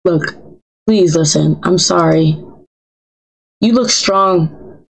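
A woman's voice: fairly low pitch, drawn-out words, creaky, poor audio. A woman streaming a life simulation game, chatting in a playful, teasing way and talking back to the characters in slang. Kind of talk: playful live gameplay commentary.

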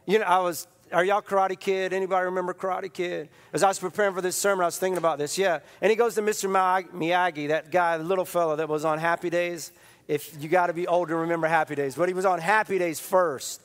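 High-voiced pastor preaching in an echoing church. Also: male voice, fast. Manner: animated, repetitive storytelling with restarts. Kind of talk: sermon. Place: large church. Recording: long church reverb.

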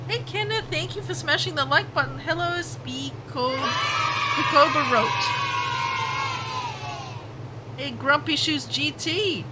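A woman's voice: sits high, a little slow, heavy background noise. A woman streaming gameplay, chatting on and eagerly greeting viewers by name. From Southern Hemisphere. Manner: chatty, greets chat by name with bursts of excitement. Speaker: game streamer. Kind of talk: live gameplay commentary.

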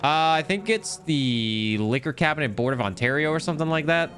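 A young man chatting casually while streaming a game, telling stories with big rises in his voice when excited. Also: fairly quick, faint music behind. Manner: animated storytelling, swings high when excited. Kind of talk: casual gameplay commentary.

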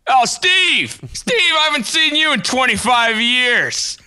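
An excitable man chatting over a video game, with a high voice that leaps around as he jokes and yells. He talks into a headset mic, and a clear hiss of noise runs behind his voice. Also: slow pace. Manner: excitable, shouting, playful. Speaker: gamer. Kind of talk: casual gameplay chat.

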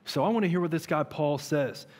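A man in his thirties preaching a sermon as pastor, conversational and animated, with many rhetorical questions. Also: fairly high pitch, fairly quick. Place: large church hall. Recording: long reverb of a church hall.

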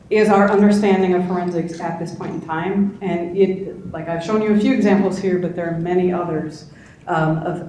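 A middle-aged woman talks to a conference room in a relaxed, conversational way, checking in with the audience as she goes. Her voice rings out in a very echoey room. A faint hum sits underneath. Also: fairly low pitch. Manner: conversational, with frequent tag questions. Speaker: conference speaker. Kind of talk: conference talk.

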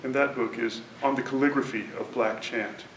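Man giving a measured lecture introduction. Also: fairly even intonation, a bit bright. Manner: measured, deliberate academic delivery. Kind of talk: prepared literary introduction. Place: university lecture hall. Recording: roomy hall from a distance, faint rumble.

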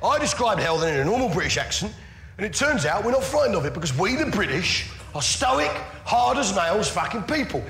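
Brash high-voiced guy doing standup, swears a lot, echoey hall, crowd roaring. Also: sing-song, fairly quick, a little hiss or hum. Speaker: stand-up comedian. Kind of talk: stand-up comedy in front of a crowd. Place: large comedy venue. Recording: roomy live show with loud crowd.

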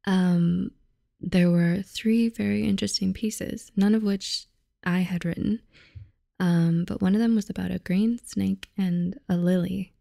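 A young woman reads a fairy tale aloud, soft and unhurried, often slipping into a half-whisper. Her voice is mellow and low with a gravelly, fry-tinged edge. It is recorded close and dry. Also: steady tone, no room sound. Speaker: channel host reading aloud.

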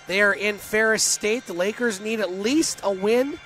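A man calling hockey play-by-play in rapid, clipped phrases, with chatty asides to his partner and listeners. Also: high voice, pushed and bright, soft background music. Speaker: play-by-play announcer.

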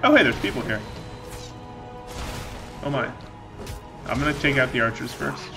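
A man's voice: medium pitch, sing-song, normal speed, music in the background. A man giving loose, joking let's play commentary while he plays, often losing his train of thought. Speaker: gaming channel host.

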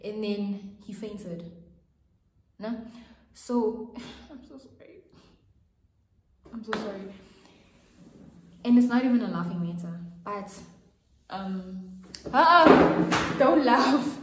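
A woman's voice: mid-range voice, slow, pauses often, warm tone, a little hiss or hum. A young adult woman telling a storytime vlog in a chatty, rambling way with frequent restarts. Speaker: vlogger. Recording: echoey room.

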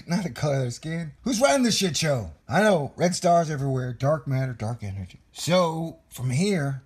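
Husky, rambling man vlogging. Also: on the high side, darkish tone. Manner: loose, musing, talks to viewer with asides and laughs. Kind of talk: rambling casual monologue.

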